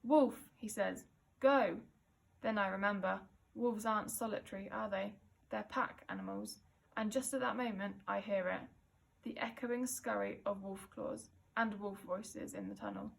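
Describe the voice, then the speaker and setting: A woman teacher reading a children's novel aloud, telling it expressively and rising to loud calls in the action. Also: mid-range voice, steady tone, moderate pace, vocal fry. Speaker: primary school teacher.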